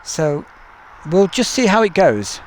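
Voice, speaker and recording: Outdoors near an airport at night, a man with an East Midlands English accent from England hosts a casual live stream, chatting as he reads viewer messages. His voice is high-pitched and sing-song, he takes it slowly, and the camcorder mic picks up a little hiss or hum.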